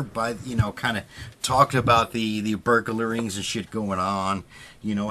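A man's voice: mid-range voice, moderate pace, fairly bright tone, a little hiss or hum. A man co-hosting a podcast, telling a rambling story in casual chat, laughing at himself often. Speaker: podcast co-host.

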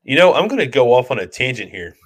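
A man co-hosting a podcast, telling stories in a relaxed, chatty way. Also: mid-range voice, quick pace. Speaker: podcast co-host. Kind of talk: casual storytelling chat.

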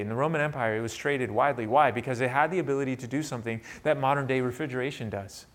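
A man delivering a sermon as a pastor, swinging from loud emphatic peaks to quiet asides and putting rhetorical questions to the congregation. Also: medium pitch, quick pace, hardly any pauses. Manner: asks the audience rhetorical questions.

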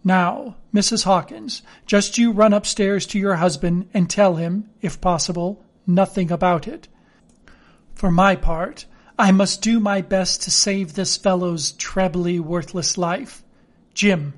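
A man reading an audiobook, voicing a brisk, stern country doctor who gives orders dismissively. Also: sits high. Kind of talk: audiobook character voice.

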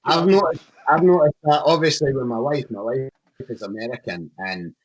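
A Scottish man in casual chat, animated and opinionated, with a passionate way of talking. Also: mid-range voice, moderate pace, breathy edge. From Scotland.

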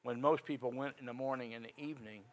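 Folksy male preacher with loud swells. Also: mid-range voice, fairly even intonation, quick pace, poor audio. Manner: folksy, conversational preaching with sudden loud rises. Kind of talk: sermon.

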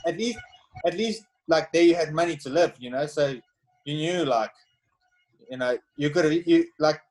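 A man's voice: a little high, normal speed, low-quality recording. A man in his thirties from South Africa with a South African accent, telling stories in a loose, filler-heavy way. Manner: relaxed storytelling, many fillers. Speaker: former pro cyclist, podcast guest. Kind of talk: casual chat.

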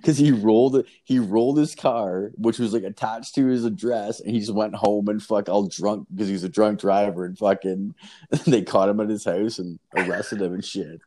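A man's voice: lowish voice, steady tone, normal speed, mellow. A man telling a story in casual chat, rambling and swearing, with lots of filler words.

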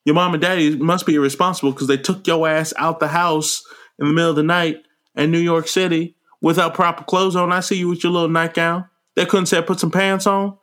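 A man on a podcast, casually recapping a movie with lots of swearing, jumping into quick voices for the characters. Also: on the high side. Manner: animated, profane, acts out characters in quick voices. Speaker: podcast co-host.

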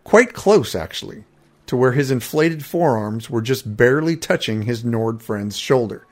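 A man's voice: medium pitch, expressive, measured pace. A man narrating a first-person fantasy story in a conversational tone, with wry asides.

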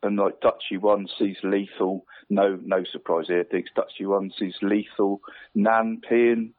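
This radio sports round-up comes in by phone, and the line sounds tinny. The man's voice is on the low side, level and measured as he covers the football league, though he stumbles, repeats himself, and keeps saying "mate" to the host.

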